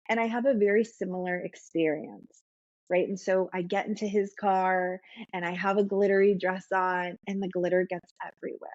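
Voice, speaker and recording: A woman's voice: medium pitch, darkish tone, dry recording, lo-fi sound. A woman guest explaining trauma and the nervous system in a patient, conversational way, often checking in with "right?". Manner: explains patiently, with frequent "right?" tag questions.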